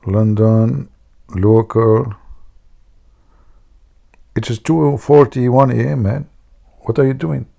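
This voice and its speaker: A man's voice: medium pitch, fairly even intonation, slow pace, gravelly, pauses often, mellow. A man hosting a livestream, teasing his viewers and laughing at his own jokes. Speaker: livestream host. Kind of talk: joking livestream chat.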